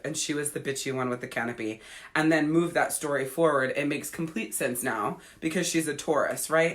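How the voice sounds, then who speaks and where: This podcast host and life coach, a woman in her thirties, has a low voice with a bit of brightness. Her casual personal story comes out frank, blunt, and full of swearing.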